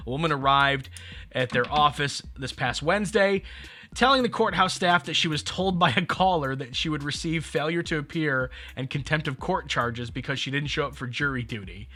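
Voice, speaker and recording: A man's voice: fairly high pitch, normal speed, bright, forceful tone. A man co-hosting a podcast, telling stories in casual chat with wry asides. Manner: chatty storyteller, wry asides. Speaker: podcast co-host.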